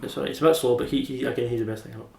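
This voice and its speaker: Quick blunt Scottish man. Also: medium pitch, fairly even intonation, creaky, a little mellow. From Scotland. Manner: blunt, swearing, says "aye" a lot. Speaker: podcast co-host. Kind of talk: casual chat.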